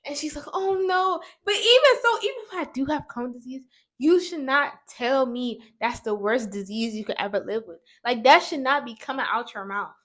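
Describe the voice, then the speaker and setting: A young woman vlogger telling an exasperated, animated story to her viewers while doing her makeup. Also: high voice, normal speed. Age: young adult.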